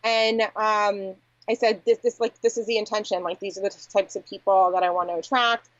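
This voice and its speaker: A woman's voice: medium pitch, fairly even intonation, fairly quick, no room sound. A woman talks candidly and reflectively as an interview guest, her speech filled with "like" and "you know". The recording is dry and close, with a slightly dull, muffled tone. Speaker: agency founder, podcast guest. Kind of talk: conversational interview.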